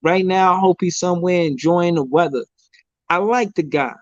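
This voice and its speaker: A man's voice: high-pitched, moderate pace, no echo, muffled recording. Slangy man ranting about basketball. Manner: slangy, emphatic, repeats his points. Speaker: sports podcast host. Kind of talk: casual sports talk. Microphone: phone.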